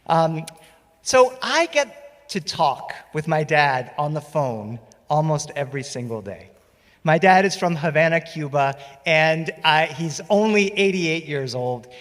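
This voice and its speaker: A man performing stories live on a festival stage, playful and animated, speaking into a stage microphone. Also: fairly high pitch, measured pace, in a large hall. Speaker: storyteller. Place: festival stage before an audience.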